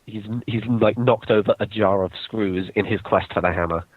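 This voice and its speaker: A man's voice: on the low side, normal speed, slightly rough, dry recording. A young man casually telling a story to friends, laid-back and swearing freely. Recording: dull lo-fi recording.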